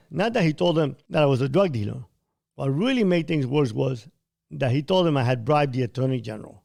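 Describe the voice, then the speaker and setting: Man, podcast host, first-person storytelling, gravelly, a bit high, blunt, vivid, profane. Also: darkish tone. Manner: blunt, vivid retelling with quoted dialogue; occasionally profane.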